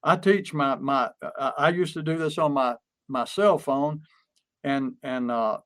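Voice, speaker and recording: A man coaching on business, chatting casually and acting out stories with lively energy. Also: mid-range voice, a little slow. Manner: animated storyteller who acts out quotes. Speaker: pest control marketing coach. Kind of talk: casual podcast chat.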